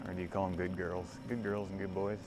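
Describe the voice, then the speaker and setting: A man's voice: low-pitched, little pitch movement, fairly quick. A man in his forties chatting casually with viewers while riding a bike outdoors, rambling and self-amused. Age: 40s. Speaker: livestreamer. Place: outdoors on a cargo bike by a lake. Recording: outdoor ride with clear background noise.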